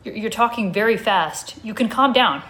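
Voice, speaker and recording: A woman's voice: mid-range voice, lively intonation, moderate pace, a bit bright, natural voice. A woman voicing an awkward, wary adult man who hesitates and backpedals, as part of a comic story reading at a live show.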